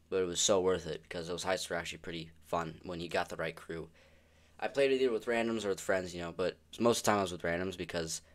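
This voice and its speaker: A young man giving casual, rambling commentary on video games, swearing often and sounding exasperated. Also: low-pitched. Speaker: gaming video creator.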